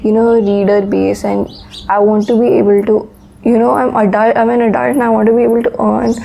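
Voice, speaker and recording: Young woman, casual vlog, rambling and candid, gravelly fry, soft mellow tone. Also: level tone, brisk, slight background noise, poor audio. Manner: low-key and sleepy. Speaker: author and vlogger. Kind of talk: casual talking-to-camera vlog. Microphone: phone.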